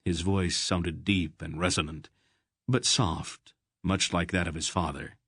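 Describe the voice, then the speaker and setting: A man narrates a fantasy audiobook in a very low, unhurried voice, nudging his tone a little for each character. The sound is dry and close, with no room around it. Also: fairly even intonation, a bit bright, slightly rough, dry recording. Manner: reads all characters with slight voice shifts. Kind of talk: scripted narration.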